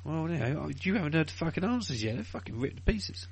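A man's voice: fairly high pitch, big pitch swings, fairly quick, breathy edge. A young English man hosting a podcast, swearing and joking casually with his co-hosts. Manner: sweary, joking, self-mocking. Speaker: podcast host.

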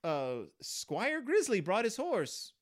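A man's voice: high voice, huge pitch swings, slow. A man hosting a podcast, riffing sarcastically on a children's book in a rambling way, full of fillers and restarts. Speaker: podcast host. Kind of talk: comedic book commentary.

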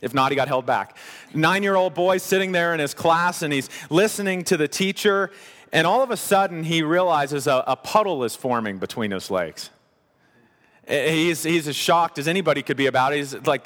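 A pastor preaching a sermon, emphatic and conversational, with repeated words and quick asides. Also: male voice, fairly high pitch, a bit bright. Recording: long reverb of a large room.

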